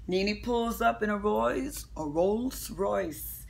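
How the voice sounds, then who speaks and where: A woman's voice: medium pitch, slow pace, creaky. A woman vlogger giving a casual, comedic recap of a reality show. She talks brash and profane, laughs often, and acts out the people she quotes.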